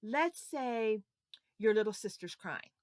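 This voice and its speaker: A woman teaching a children's Sunday school lesson, talking slowly and playfully, coaxing the kids to repeat after her. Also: a little high, expressive, no echo, clean studio sound.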